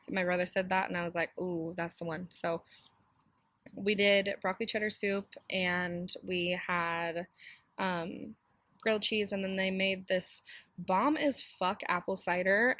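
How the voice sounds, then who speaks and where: A woman in her thirties, hoarse and raspy from a cold, hosting a casual solo podcast in a chatty, candid way with many fillers. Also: medium pitch, a bit bright, no room sound. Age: 30s. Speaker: podcast host.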